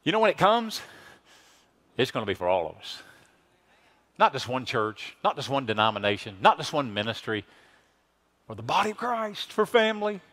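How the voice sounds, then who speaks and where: A man preaching a sermon as pastor, emphatic, swinging from hushed lines to loud exclamations. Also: medium pitch, sing-song, normal speed, long pauses.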